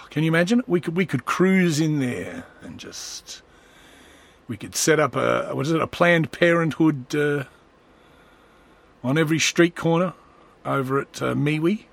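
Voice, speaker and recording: A man's voice: on the high side, expressive, a little slow, creaky, long pauses. A man talking in a rambling, sarcastic comedic monologue as a vlogger. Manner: rambling, sarcastic, slips into voices.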